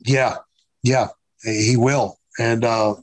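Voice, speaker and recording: A man's voice: medium pitch, level tone, very slow, no echo, poor audio. A man in his fifties, a guest in a casual interview, telling stories bluntly with profanity and acting out quoted dialogue. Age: 50s. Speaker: guest, former pro wrestler.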